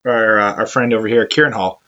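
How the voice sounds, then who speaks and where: A man's voice: lowish voice, fairly even intonation, fairly quick, bright, forceful tone. A young man hosting a podcast in casual chat, self-deprecating and joking. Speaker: podcast host and league commissioner. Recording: dull lo-fi recording.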